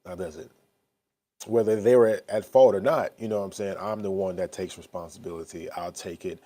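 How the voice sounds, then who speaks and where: Blunt, rambling man, warm low voice. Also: steady tone, a little fast. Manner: rambling, candid, frequent "you know what I'm saying"; swearing, blunt. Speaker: vlogger. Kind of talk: casual talk to camera.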